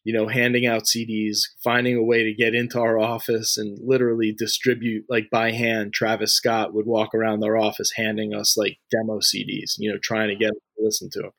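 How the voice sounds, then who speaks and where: Man, 30s, interview guest. Conversational and loose, level pitch, dry room. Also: completely flat delivery, a little fast, creaky, hardly any pauses, a bit bright, no room sound. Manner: loose and talky, heavy on fillers like "you know" and "like", frequent restarts. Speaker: interview guest, music industry figure.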